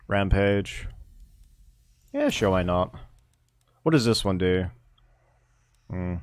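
Here a man's smooth, low voice moves slowly but expressively, with no room sound. A gameplay streamer, he narrates a strategy game in casual let's-play style, thinking out loud and swearing quietly.

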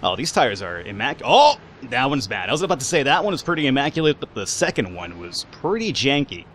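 A man giving casual, animated commentary while playing a video game and reading its lines aloud. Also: medium pitch, a little fast, a little hiss or hum. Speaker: let's play gamer.

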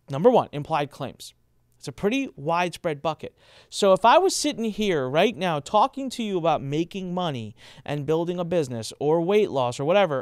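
A man hosting a channel explains marketing compliance rules in a casual talk to camera, his voice clear and resonant. He speaks emphatically and acts out quoted speakers by raising his pitch. The studio-quality recording has no room sound.

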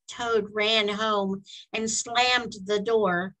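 A woman storyteller reading a children's book aloud in a slow, expressive way. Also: mid-range voice, poor audio.

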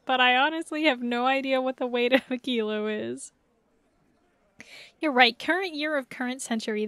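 A woman's voice: high-pitched, a bit bright, dry recording. A woman streaming a video game, chatting casually and playfully, rambling and laughing often. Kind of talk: casual live-stream chat.

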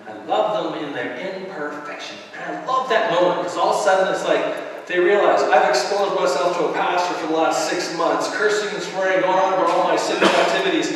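A man from the Canadian Maritimes preaching a sermon as pastor, animated and often laughing and acting out voices. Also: a little high. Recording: echoey hall, speaker far from the mic, faint noise.

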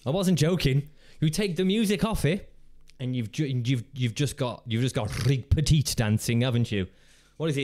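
This channel host, a grown man with a teenage child, reacts to videos in a loose, rambling chat full of jokes and good-natured cursing. His voice sits at medium pitch with a slightly mellow quality.

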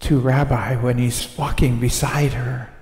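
His mid-range, slightly mellow voice stays fairly even as this pastor preaches his sermon slowly and deliberately. He prays, retells scripture and engages the congregation with rhetorical "right?" asides, all echoing through a sanctuary with long, roomy reverb.

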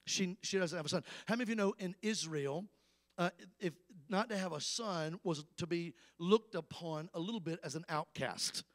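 A man preaches, his voice sitting high for a man. He drives rhythmic, repeated refrains at the congregation, then eases into a steadier storytelling tone as he retells scripture. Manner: rhythmic call-and-response preaching, shouting refrains; calmer storytelling when recounting scripture. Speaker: evangelist. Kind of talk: sermon. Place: church sanctuary with a congregation.

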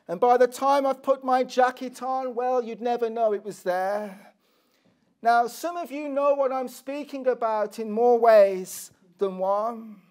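A man's voice: extremely high pitch, clear, resonant tone. A middle-aged man preaching a sermon, earnest and posing rhetorical questions to the congregation.

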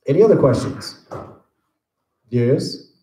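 A man answering fan questions on a convention panel, relaxed and jokey, rambling through stories. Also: medium pitch, slow. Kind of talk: casual storytelling Q&A. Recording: echoey convention room.

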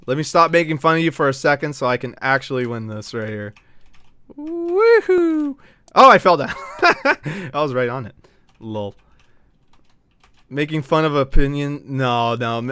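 A man's voice: medium pitch, pushed and bright, clean tone, no echo. A man streaming a game, talking to his chat in a brash, teasing and profane way. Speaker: gaming streamer. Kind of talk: casual live-stream chat.

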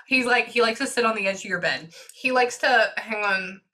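A woman working as a psychic medium, giving a reading to a client and relaying messages in quick, chatty asides. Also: on the high side, sharp tone.

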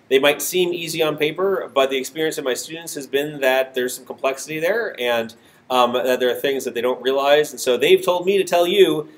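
A man's voice: medium pitch, moderate pace. A man with a nasal voice giving a university programming lecture in a classroom, talking informally with many fillers and self-deprecating asides. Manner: filler-heavy, self-deprecating, restarts often. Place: classroom with hard walls.

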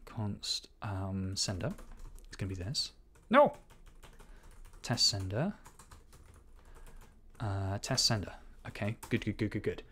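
A man's voice: fairly low pitch, lively intonation, fairly bright tone, a little hiss or hum. A man giving live-coding commentary, thinking aloud as he programs, reading code out and correcting himself as he goes. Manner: quick self-corrections and asides. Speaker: programming teacher.

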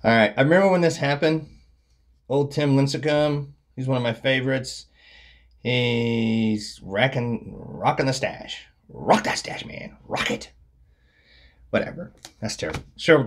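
A man casually commenting on his baseball card collection, wry and mocking, often trailing off into mumbled asides. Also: medium pitch.

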